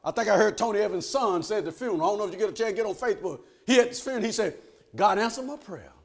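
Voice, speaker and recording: A man preaching a folksy, animated sermon. He laughs often and swings between loud and hushed. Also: high voice, very fast.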